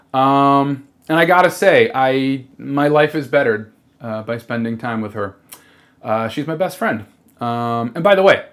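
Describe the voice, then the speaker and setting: A trans person in a rambling comedic monologue, halting and sincere, with lots of fillers, restarts and casual swearing. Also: medium pitch. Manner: swears freely.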